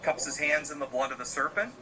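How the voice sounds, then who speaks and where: Rambling man telling a dark tale. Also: a little high, expressive, fairly quick, poor audio. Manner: loose, rambling, frequent fillers. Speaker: podcast host telling a story. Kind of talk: casual spoken storytelling.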